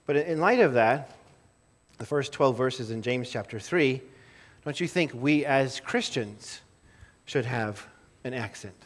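Speaking a little slowly in an expressive, medium-pitched voice, a pastor delivers a conversational sermon to his church. He keeps breaking off, laughing softly, and repeating words as he starts his thoughts over.

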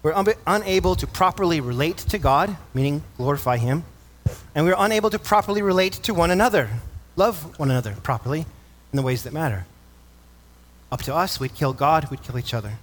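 A man's voice: fairly high pitch, animated, a little fast. A male pastor preaching a sermon, reading scripture and asking the congregation questions. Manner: earnest preaching, asks the congregation questions, reads scripture aloud.

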